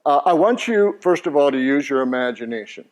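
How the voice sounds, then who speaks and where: Speaking briskly and with animation in a slightly high voice, an older man leads a Christian teaching course for a live audience in a church meeting room. He's jovial throughout, joking and quizzing the crowd.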